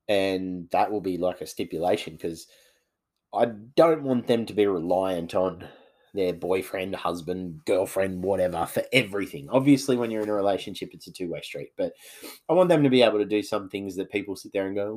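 A man's voice: low-pitched, normal speed, a little mellow. A man, sounding congested from hay fever, rambling casually as the host of a solo podcast. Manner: rambling, chatty, many fillers.

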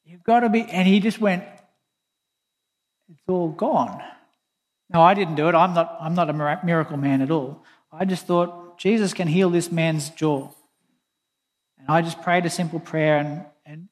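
A man with a high-pitched voice delivers an earnest sermon, mixing scripture quotes with a plain personal story. His voice carries a long reverb, as if he is in a large hall. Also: brisk. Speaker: pastor.

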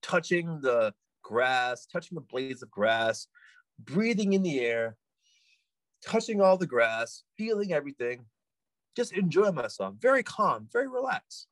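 A man's voice: fairly high pitch, big pitch swings, unhurried, a bit bright, dry recording. A man voicing his friend, a shaken young man recalling a vision of the world ending, retold in an awed, breathless way. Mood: awed, panicked.

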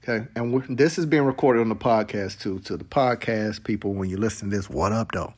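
A man preaching a sermon to a live congregation, animated and playful, mixing slang and laughter into his teaching. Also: lowish voice, fairly quick. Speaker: pastor. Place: church sanctuary with congregation.

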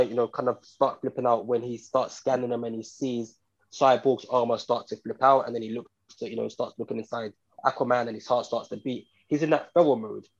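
A husky-voiced man co-hosting a casual podcast, talking through a film review in a rambling, repetitive way with lots of fillers. The audio is muffled and lo-fi. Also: mid-range voice. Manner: rambling, repeats himself, many fillers. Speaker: podcast co-host.

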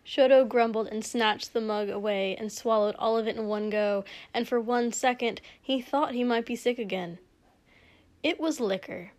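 A woman reading a story aloud as narrator, in a measured storytelling manner. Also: a little high. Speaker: story reader. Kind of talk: audiobook narration.

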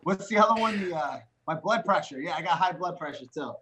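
A man's voice: fairly high pitch, lively intonation, brisk, crowd noise. A man hosting a casual chat while showing how to make a cocktail, rambling and repeating himself. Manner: rambling, repetitive, laughs easily. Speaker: host.

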